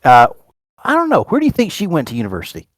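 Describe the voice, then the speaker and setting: A man's voice: a little high, wildly swooping pitch, fast, no echo. An American man running a tabletop game as game master, enthusiastic and prone to restarts. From United States.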